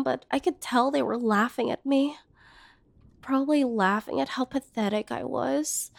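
A young woman performing an audio role-play monologue to the listener, hurt and bitter, swinging between angry outbursts and soft whispers. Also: high voice, no echo.

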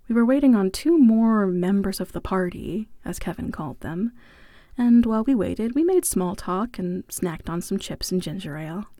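A woman narrating a first-person story in a wry, playful way, dropping into soft whispered asides. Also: medium pitch, dry recording, studio quality.

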